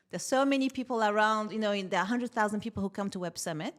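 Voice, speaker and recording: Lively woman telling a story. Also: medium pitch, fast talker. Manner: animated, laughs often while telling stories. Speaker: podcast guest, tech founder. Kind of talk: casual interview storytelling.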